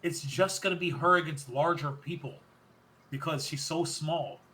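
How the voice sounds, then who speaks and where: A man's voice: on the high side, moderate pace. A man hosting a podcast, rambling through a wrestling recap and often correcting himself mid-sentence. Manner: rambling, self-correcting, excited recounting. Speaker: podcast host. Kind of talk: casual wrestling recap chat.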